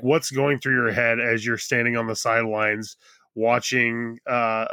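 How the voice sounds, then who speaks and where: A man's voice: mid-range voice, sharp tone, dry recording, clean studio sound. A man hosting a podcast, asking loose, rambling interview questions in a casual way. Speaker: podcast host.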